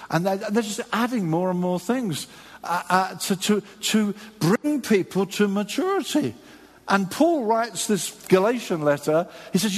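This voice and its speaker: Husky high-voiced man preaching in a hall. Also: moderate pace. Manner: animated, acts out quoted voices. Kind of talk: sermon.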